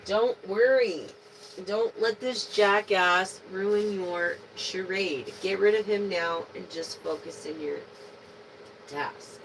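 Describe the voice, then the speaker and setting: A woman's voice: mid-range voice, slow pace, creaky, noisy background. A woman giving a casual live tarot reading, slangy and profane, speaking to her viewers as a collective. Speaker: tarot reader.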